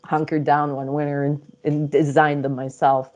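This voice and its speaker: A middle-aged woman with a slightly low voice tells her stories as an interview guest. She talks in a chatty, lively way, breaks into laughter often and slips into little acted-out quotes. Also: moderate pace, dull audio. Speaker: interview guest, psychic channel. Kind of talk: casual storytelling interview.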